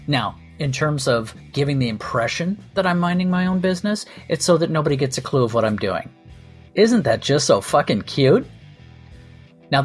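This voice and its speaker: Wry, sardonic male podcast host. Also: fairly high pitch. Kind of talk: comedic storytelling monologue.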